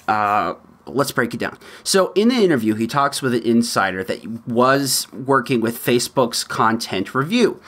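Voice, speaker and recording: A man hosts his own podcast and talks casually through the news. His pitch swings up and down a lot, and he laughs and tosses in asides as he goes. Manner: chatty, laughs often, lively asides. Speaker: podcast host. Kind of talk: solo podcast commentary.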